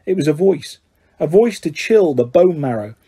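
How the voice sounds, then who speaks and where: A man narrating a storybook in a steady, even storytelling manner. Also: on the high side, normal speed, slightly rough. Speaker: audiobook narrator.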